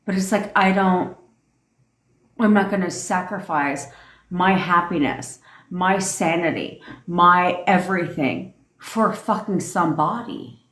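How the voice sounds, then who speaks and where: A woman's voice: fairly low pitch, lively intonation, slow pace, fairly bright tone. A young woman coaching on a livestream, ranting in a blunt, profane, emphatic way. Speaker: manifestation coach. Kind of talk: livestream rant. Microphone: phone. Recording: echoey room.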